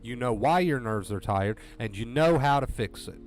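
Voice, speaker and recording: A man at a middle pitch talks straight to his livestream viewers about anxiety recovery. He is earnest and direct and keeps repeating his points to drive them home. Faint music plays in the background. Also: lively intonation, moderate pace. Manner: earnest, repetitive, direct pep talk.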